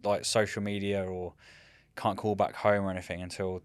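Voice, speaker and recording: A man in his thirties, a military veteran guest, telling rambling, animated stories in casual chat and often saying "mate". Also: low-pitched, normal speed, smooth, no echo. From United Kingdom.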